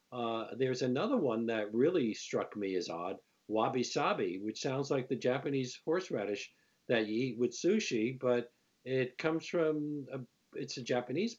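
A man hosting a radio interview, speaking in a measured, reflective way and steering the talk. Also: medium pitch, darkish tone. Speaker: radio host. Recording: slightly dull radio sound.

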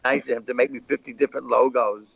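Speaking quickly in a mid-range voice with fairly even intonation, this older man, founder of a record label, is a guest in a relaxed interview, spinning rambling stories in a chatty, gravelly manner. The dry recording is slightly muffled, with a bit of background noise.

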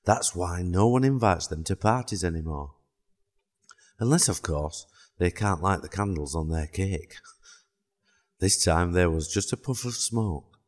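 A man narrating a children's storybook in a calm, even way. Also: low voice, unhurried.

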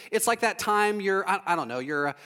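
A man's voice: high-pitched, expressive, fairly quick, bright, forceful tone, big-room sound. A man preaching a storytelling sermon in a conversational, humorous manner with acted-out asides, recorded in a large sanctuary.

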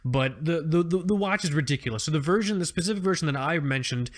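A man's voice: on the high side, animated, fast talker. A man co-hosting a podcast in casual chat, rambling and joking with plenty of restarts and fillers. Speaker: podcast co-host.

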